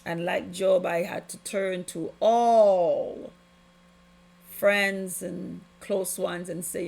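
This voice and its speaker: A woman's voice: lowish voice, steady tone, very slow, vocal fry, a little mellow. A woman hosting a podcast, giving an impassioned, preachy spiritual testimony with heavy emphasis. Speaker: podcast host.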